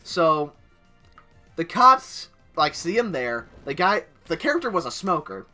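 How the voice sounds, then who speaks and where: A young man telling a long, rambling story while he plays a game. His voice is bright and swings widely in pitch, full of filler words. Faint music plays underneath him. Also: sing-song, a little slow. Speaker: gaming channel host. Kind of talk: casual gameplay commentary.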